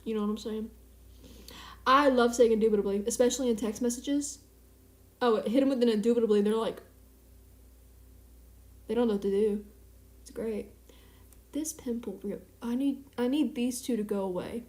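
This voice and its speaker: A young woman chats through a late-night live stream in a somewhat high voice. She rambles and mocks herself. Her voice rings a little in an echoey room at home. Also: moderate pace, pauses often. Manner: chatty, rambling, self-mocking. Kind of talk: casual live-stream chat. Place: small home apartment at night.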